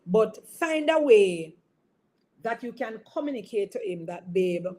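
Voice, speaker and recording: On an online service broadcast, a woman bishop gives an informal sermon about marriage in a slightly high, warm, expressive voice, speaking a little slowly. She's conversational, teases listeners by name, and keeps asking whether they understand.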